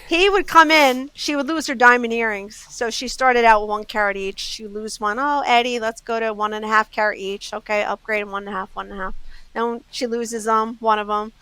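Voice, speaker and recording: Woman with a Southern US accent, bright, crisp and close-miked, telling anecdotes on a podcast. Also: a little high, brisk, dry recording, low-quality recording. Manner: lively anecdotes, acts out customers' quotes. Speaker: jewelry store owner, guest. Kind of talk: casual storytelling.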